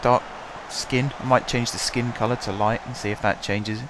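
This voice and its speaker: Hoarse guy calling a football sim. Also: mid-range voice, steady tone, normal speed, background noise. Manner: chatty, wry, calls the match play by play. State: hoarse from shouting. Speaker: gaming channel host. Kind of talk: casual let's-play commentary.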